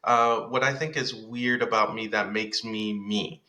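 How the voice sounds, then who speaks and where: A young man co-hosts a casual podcast and thinks aloud in a halting way, full of "uh" and "um". His voice is low-pitched but bright and forward. The room adds a noticeable echo. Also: fairly even intonation, a little hiss or hum. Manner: reflective, halting, many fillers. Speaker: podcast co-host. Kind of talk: casual chat.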